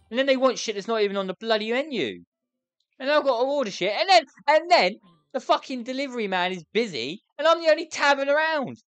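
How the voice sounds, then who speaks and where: Young woman streaming a game, frantic and foul-mouthed, very lively pitch, dry close mic. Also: no echo. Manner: frantic, swearing, exasperated. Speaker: gaming YouTuber. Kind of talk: let's play commentary.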